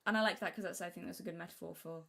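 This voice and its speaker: A young woman from Britain talking casually on a live stream, rambling and restarting her sentences, sometimes acting out what she said as a child in a high voice. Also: fairly even intonation, racing, creaky, pushed and bright. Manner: rambling, self-interrupting, acts out childhood quotes in a high voice.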